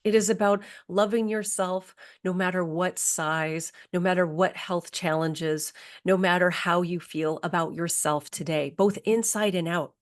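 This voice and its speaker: Soft-spoken woman guiding a healing exercise. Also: lowish voice, fairly even intonation. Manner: soft, slow, soothing guidance with affirmations. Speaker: spiritual healing coach. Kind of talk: guided somatic healing talk.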